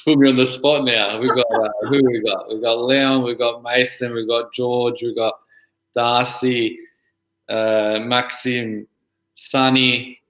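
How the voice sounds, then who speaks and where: A man in his thirties, a guest on a podcast, talking in a relaxed, rambling way. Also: mid-range voice, slow pace, roomy sound, poor audio. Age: 30s. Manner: relaxed, lots of "you know" fillers. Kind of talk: casual interview.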